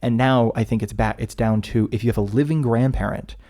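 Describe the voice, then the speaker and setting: A man's voice: medium pitch, fairly even intonation, a little fast, mellow. A man co-hosting a podcast in casual chat, rambling and often breaking off mid-sentence. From United States. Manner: rambling, self-interrupting, chatty. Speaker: podcast co-host.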